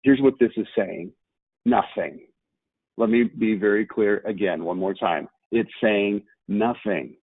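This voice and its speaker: A man's voice: fairly low pitch, a little slow, slightly rough, dry recording. A man giving a marketing webinar lecture, emphatic, with rhetorical questions and repeated key words. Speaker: marketing presenter. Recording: tinny phone-like line, dry.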